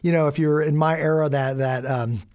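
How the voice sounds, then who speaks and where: A middle-aged American man telling a story as a guest, animated and acting out quoted lines with sudden loud bursts. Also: on the high side, moderate pace. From United States. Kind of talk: storytelling in a conversation.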